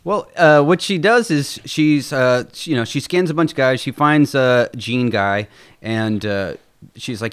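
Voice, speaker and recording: A man's voice: mid-range voice, a little slow, fairly bright tone, smooth. A man co-hosting a podcast, chatting casually and animatedly about a show, acting out quotes and laughing often. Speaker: podcast co-host. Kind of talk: casual chat recapping a show.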